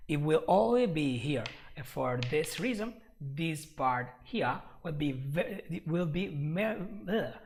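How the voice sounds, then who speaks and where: Male English teacher, a gravelly edge and an easy, drawn-out pace, running a live lesson. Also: a little high, animated. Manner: repeats himself for emphasis, frequent "right?". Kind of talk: live online lesson with chat questions.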